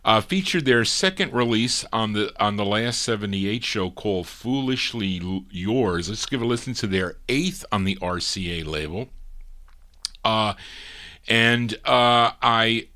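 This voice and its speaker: A man with a somewhat low voice hosts a live show of old records. He talks casually, drifting through fillers and asides as he introduces each disc. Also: a little slow. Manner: relaxed, chatty, with many fillers. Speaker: radio show host.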